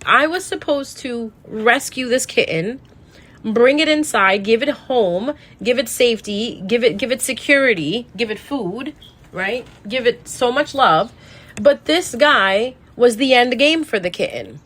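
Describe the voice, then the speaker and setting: A woman's voice: on the high side, lively intonation, a little slow, fairly bright tone, breathy edge. Emotional woman rambling through a sad story. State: sad, tearful. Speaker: tarot reader. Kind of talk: casual storytelling monologue.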